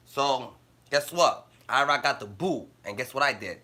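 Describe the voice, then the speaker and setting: A man's voice: mid-range voice, expressive, moderate pace, pushed and bright. A man ranting and telling blunt, profane stories in slang on a casual live stream, laughing often as he talks. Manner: laughs often while talking. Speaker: livestreamer.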